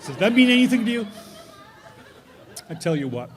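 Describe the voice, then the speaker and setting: A man's voice: high voice, very animated, moderate pace, a faint crowd, slight background noise. A man telling a self-deprecating personal story on stage at a live storytelling event, chatty and laughing at his own jokes. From northern New York.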